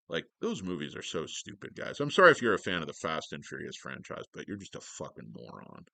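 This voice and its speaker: A man's voice: low-pitched, wildly swooping pitch, fast talker, gravelly, few pauses, pushed and bright, dry recording. A man hosting a stock-market livestream, joking, swearing and rambling as he greets viewers.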